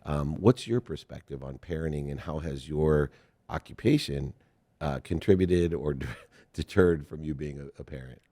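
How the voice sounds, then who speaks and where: Very deep-voiced man hosting an interview. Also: moderate pace, warm tone. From Ohio. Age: middle-aged. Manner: rambling, self-deprecating, laughs often. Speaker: interview host. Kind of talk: casual interview conversation.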